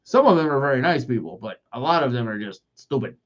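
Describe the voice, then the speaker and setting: A man's voice: medium pitch, lively intonation, quick pace, dull audio. A man in his forties hosting a solo podcast, rambling through profane, self-mocking rants. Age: 40s. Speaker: podcast host.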